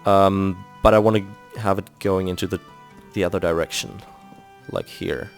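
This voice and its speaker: A German man with a German accent and a low, fairly even, vocal-fry voice talks at normal speed while building in a video game. He thinks aloud and explains each step in casual commentary, with faint music in the background.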